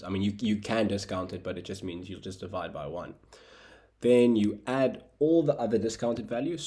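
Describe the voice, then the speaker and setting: A young man with a South African accent and a very low voice walks through a recorded lesson step by step. He adds wry asides as he goes. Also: a little mellow. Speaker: tutor.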